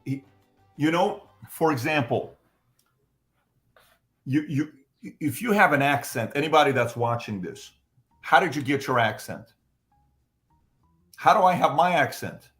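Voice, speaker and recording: A man's voice: on the high side, fairly bright tone. A man with a Middle Eastern accent giving his political opinions, stressing his points with repetition and rhetorical questions. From Middle East.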